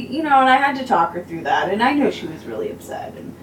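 A woman's voice: on the high side, fast talker, slight background noise. A woman who is a teacher and podcast co-host, telling a story with lots of expression and acting out what people said. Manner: expressive storyteller, acts out quoted voices. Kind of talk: casual podcast chat. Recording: echoey room, a bit distant from the mic.

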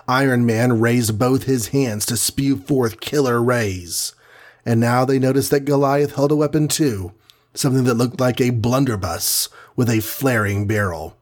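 A man's voice: mid-range voice, measured pace. A man narrating a superhero storybook with a dramatic, vivid reading. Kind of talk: scripted audiobook narration.

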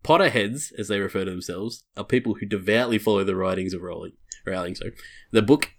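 Guy hosting a podcast, fairly low voice, reading his notes with dry jokes and some swearing. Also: fast. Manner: wry, jokey asides with casual swearing. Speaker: podcast host. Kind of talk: reading a prepared segment in casual podcast chat.

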